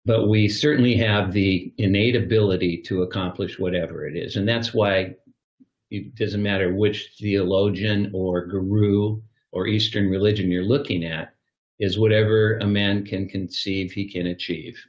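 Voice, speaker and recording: Older man with a low voice in a roomy space. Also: steady tone, normal speed. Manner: storytelling, acts out little scenes. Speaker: guest. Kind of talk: reflective conversational advice. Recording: roomy echo.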